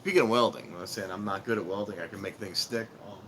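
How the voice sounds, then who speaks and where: A man's voice: on the low side, fast talker, a bit bright, slight background noise. A middle-aged man chatting casually on a live stream, telling rambling, self-mocking stories outdoors.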